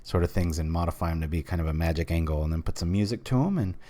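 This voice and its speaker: A man's voice: deep voice, fast talker, mellow. A man from the United States, casually commenting while streaming a card game, rambling with many fillers.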